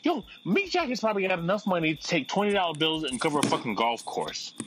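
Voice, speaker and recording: A man's voice: a little high, very animated, quick pace, crowd noise, rough recording. A man hosting a podcast in casual chat, brash, profane and opinionated. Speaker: podcast host.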